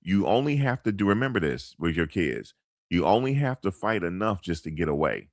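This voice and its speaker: A man's voice: sits low, sing-song, brisk, no echo. A middle-aged man talking casually into a close mic, rambling through a personal story in loose street slang with lots of fillers and restarts. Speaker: commentator.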